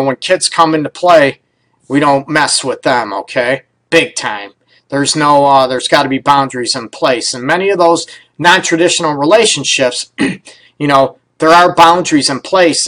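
A middle-aged man talks through relationship advice as a counselor hosting his own show. His voice sits a little high for a man, and his delivery is loose and conversational, full of "you know" and "right?" and the odd blunt curse. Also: a bit bright. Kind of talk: casual advice talk.

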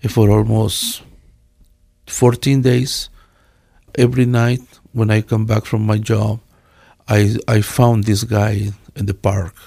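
An older pastor in his sixties from Guatemala speaks with a Guatemalan Spanish accent and a low, gravelly, dark voice. He tells his story in earnest, halting English that is full of restarts. The sound is dry and close. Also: level tone, dry recording. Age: 60s. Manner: halting, earnest, with many restarts and learner's grammar. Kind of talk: telling his life story in an interview.

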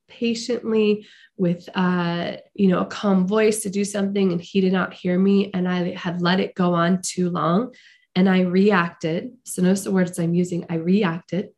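A middle-aged woman hosting a podcast, speaking slowly and earnestly in a heartfelt, reflective motivational monologue. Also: lowish voice, darkish tone. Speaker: podcast host.

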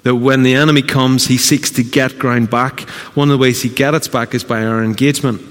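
A man preaching a sermon as a pastor, earnest and emphatic with dramatic pauses. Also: medium pitch, fairly even intonation, a bit bright. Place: church auditorium. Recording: long reverb of a church hall.

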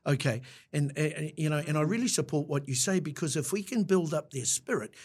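A middle-aged man with a New Zealand accent co-hosts a casual podcast chat. His voice is a little husky and sits somewhat high. He tells stories reflectively, often restarting and ending with "eh". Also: expressive, a little fast, a little mellow. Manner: reflective storyteller, many restarts, eh tags. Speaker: podcast co-host.

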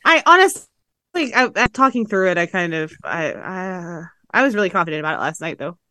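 Bright Tennessee woman joking on a podcast. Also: lowish voice, expressive, brisk, no room sound. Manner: self-deprecating, jokey. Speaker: podcast co-host. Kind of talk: casual podcast chat.

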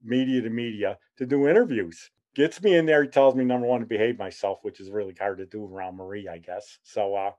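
A middle-aged male show host tells a long personal story, rambling with self-deprecating humor and plenty of fillers and asides. His lowish, slightly mellow voice moves fairly fast with hardly any pauses, and the highs sound cut off.

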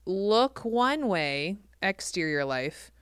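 A woman's voice: on the low side, very animated, slow pace, clear, resonant tone, dry recording, studio quality. A woman co-hosting a casual Bible discussion, laughing often as she talks. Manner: warm-hearted, laughs often. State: pregnant. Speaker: podcast co-host.

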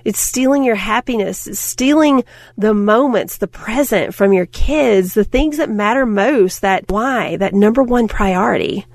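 A middle-aged woman giving a motivational talk, telling stories in an animated way, acting out quotes and laughing often. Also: medium pitch, measured pace, no room sound. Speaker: speaker.

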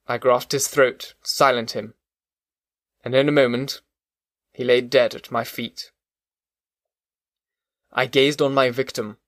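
Male audiobook narrator, measured and even, mid-pitched, dry booth sound. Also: no room sound. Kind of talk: scripted narration of a classic novel.

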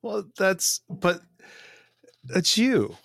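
A man's voice: high voice, expressive, drawn-out words, gravelly, fairly bright tone, dry recording, clean studio sound. A male podcast host with a Midwestern American accent, affirming and emphatic as he talks with his guest. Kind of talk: interview conversation.

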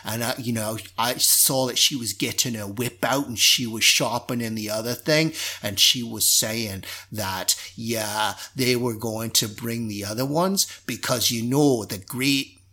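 A bored male drow pirate guard chatters away in a Cockney accent, put on by a man. He rambles and gossips with a bright, rather low tone. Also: measured pace, few pauses. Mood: gossipy.

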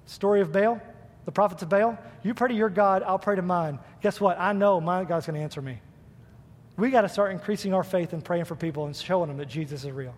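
A man preaching a fervent sermon as a youth pastor in a church, with bursts of loud praise. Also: high-pitched, a little fast, big-room sound. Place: church sanctuary.

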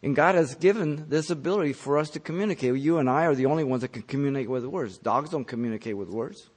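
A man preaching a verse-by-verse sermon, explaining the text in an emphatic teaching manner, with his pitch lifting sharply on key words and then falling. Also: quick pace. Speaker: pastor. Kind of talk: expository sermon.

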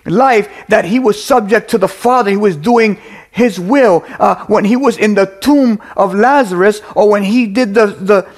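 A man's voice: high-pitched, moderate pace. A middle-aged man preaching a sermon, earnest and repetitive, with restarts and fillers.

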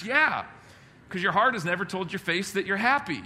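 Male pastor, high bright voice, energetic humorous sermon delivery. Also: normal speed. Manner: lively, humorous, emphatic preaching.

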